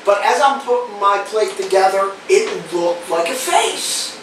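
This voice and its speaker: Loud New guy, animated storyteller, a bit off the mic in a very echoey room. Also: sits high, unhurried, far from the mic. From New Jersey. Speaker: podcast guest. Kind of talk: casual storytelling chat. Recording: roomy echo, off-mic, faint noise.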